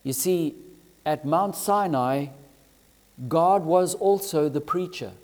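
Man preaching, high voice, slow deliberate delivery, emphatic swells, long reverb from a church hall. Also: a little mellow. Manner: emphatic, drawn-out phrasing with rising and falling emphasis. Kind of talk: sermon.

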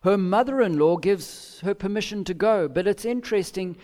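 A man preaching an expository sermon, measured, with emphatic pauses and acted-out quotes. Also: high voice, darkish tone. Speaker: pastor.

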